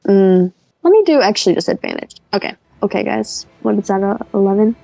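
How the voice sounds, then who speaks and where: A woman with a mid-range voice talks through her options in a tabletop game, hesitating and filling pauses as she plans. Faint music sits behind her. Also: mid-range voice, expressive, gravelly, mellow, dry recording, rough recording. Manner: hesitant, thinks aloud with fillers. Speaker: player. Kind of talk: casual tabletop game chat.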